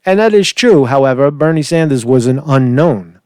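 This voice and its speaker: A man talks through political news in a loose, rambling monologue. He is opinionated and jumps from point to point, repeating himself and restarting sentences. His voice sits at an ordinary middle pitch and is recorded dry and close, with no room sound. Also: animated, normal speed, darkish tone, smooth, no room sound. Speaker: political commentary host. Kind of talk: casual political commentary.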